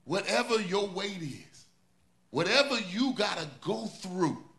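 A male pastor delivers a sermon in a bright, ringing voice, pitched a little high for a man. He preaches with swelling intensity and repeats his refrains over and over. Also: expressive, a little slow, creaky.

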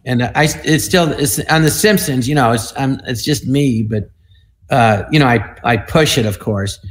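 A man in his sixties, a comedian telling stories on an online panel, animated and dropping into quick impressions. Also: mid-range voice. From United States. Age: 60s. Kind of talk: casual storytelling.

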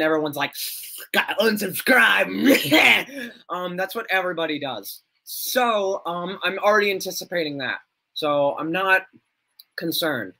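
Young male streamer, casual rambly chat with frequent laughs; bright, slightly high voice. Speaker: livestreamer.

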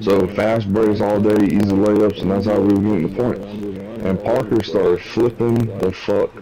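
Young guy streaming, kinda low voice, crowd chatter behind him, swears a lot, acts out every line people said. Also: moderate pace, rough recording. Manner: profane, animated retelling with quoted dialogue. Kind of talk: casual storytelling chat.

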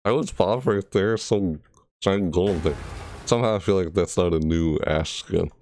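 A gaming creator reacts to a game trailer in an easygoing, rambling manner, correcting himself and now and then shrieking character impressions. His low, darkish voice holds a moderate pace, and there's a little hiss or hum.

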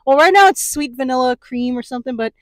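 A woman's voice: high voice, lively intonation, fast talker. A young woman chatting in a rambling way to her phone camera in a convention hall, with restarts and small laughs. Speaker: vlogger. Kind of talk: casual convention vlog. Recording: music playing behind the voice.

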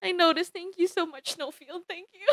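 A woman's voice: very high-pitched, normal speed, background noise. A young woman streaming live, chatty and giggly, laughing between lines. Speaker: virtual streamer.

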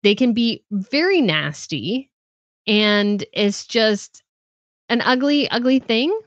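A woman's voice: on the high side, animated, slow pace, no echo, dull audio. A woman hosting a royal news live stream, chatting casually, reading out viewer comments and answering them with frequent laughs. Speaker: host of a royal news channel.

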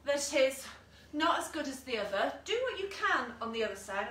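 A woman fitness instructor with a high, bright voice leads an online workout, counting down and cheering people on. She is recorded from a distance in an echoey room at home. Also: big pitch swings, normal speed. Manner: encouraging cues and countdowns with asides. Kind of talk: online exercise class instruction. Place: room at home, with a dog nearby.

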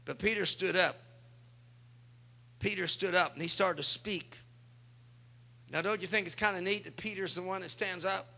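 A man's voice: high voice, fairly even intonation, moderate pace, creaky, pauses often, pushed and bright. A male pastor preaching a sermon, speaking with emphasis and turning often to address the congregation.

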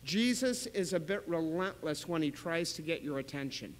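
A male pastor preaching a sermon in a church, telling stories in an animated way with sudden loud bursts. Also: on the high side, moderate pace, long reverb tail, a little hiss or hum, low-quality recording. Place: church sanctuary.

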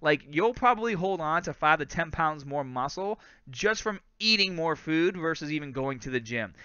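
A man's voice: fairly high pitch, animated, moderate pace, bright, forceful tone, smooth, dry recording, muffled recording. Chatty man with a light Boston accent. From Lawrence, Massachusetts. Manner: chatty, laughs often, says "bro" and "guys". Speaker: fitness host. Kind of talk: live stream Q&A, casual chat.

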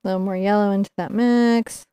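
A woman's voice: medium pitch, fairly even intonation, a little fast, mellow, clear, resonant tone, no echo. A middle-aged woman teaching acrylic painting live, chatting and explaining each brush move as she paints. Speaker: painting instructor.

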